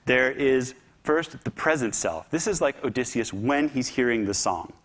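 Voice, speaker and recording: Man, mid-pitched voice, humorous storyteller, public talk, animated. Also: moderate pace. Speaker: speaker.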